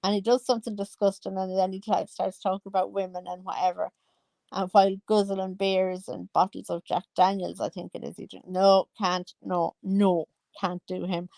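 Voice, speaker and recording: Gravelly, chatty woman. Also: medium pitch, little pitch movement, normal speed, darkish tone, dry recording. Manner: gossipy, exclaims and laughs often. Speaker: commentary vlogger. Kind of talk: casual chat.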